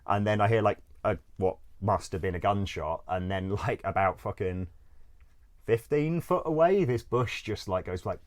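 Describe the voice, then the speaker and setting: Deep-voiced man telling rambling stories. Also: moderate pace. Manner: rambling, full of "like", swears freely, laughs often. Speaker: interview guest. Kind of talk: casual storytelling.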